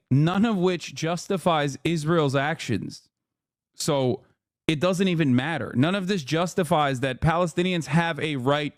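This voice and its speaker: A man's voice: on the high side, no echo. Guy on a live stream reacting to clips, sarcastic, keeps restarting sentences, dead dry audio. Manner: sarcastic, mock-outraged asides; rambling with frequent restarts. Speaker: political streamer.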